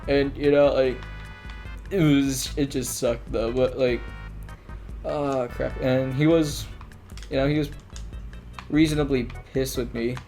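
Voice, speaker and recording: A man's voice: mid-range voice, steady tone, takes it slowly, pauses often, dark tone, soft background music. A man telling school stories in a casual, rambling monologue, full of filler words, restarts and offhand swearing.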